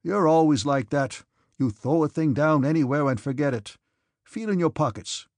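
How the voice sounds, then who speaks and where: A man's voice: on the high side, lively intonation, moderate pace, a little mellow, no echo, pitched above the performer's own voice. A man voicing a male orderly who answers in a scolding, defensive way. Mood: grumbling. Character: grumbling male orderly, servant.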